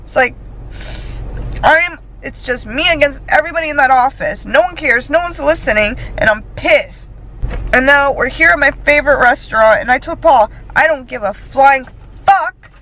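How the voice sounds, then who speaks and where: A woman's voice: high voice, normal speed, bright, forceful tone, a little hiss or hum, rough recording. A young woman vlogging casually to camera, talking candidly and chattily and swearing freely. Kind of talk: casual vlog talk to camera.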